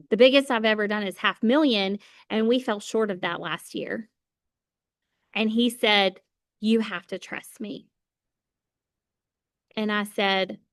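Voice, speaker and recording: A woman's voice: medium pitch, a bit bright, smooth, dry recording, studio quality. A woman giving an emphatic motivational talk to her sales team, repeating phrases for effect.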